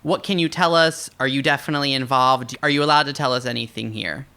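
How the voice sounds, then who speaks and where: A woman co-hosting an interview podcast, asking quick direct questions. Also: extremely low pitch, sharp tone. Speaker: podcast co-host.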